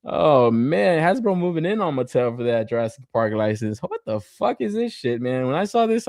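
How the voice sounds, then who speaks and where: Man, podcast host, casual toy review, profane, laughing, lively pitch, dry room. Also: moderate pace, few pauses, dry recording. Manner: profane, laughs often, lots of filler.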